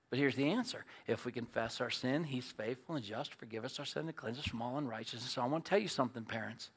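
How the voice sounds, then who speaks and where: A middle-aged man preaching a sermon as pastor, folksy and storytelling, moving between loud emphatic points and quiet earnest asides. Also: medium pitch, quick pace, hardly any pauses, slightly rough.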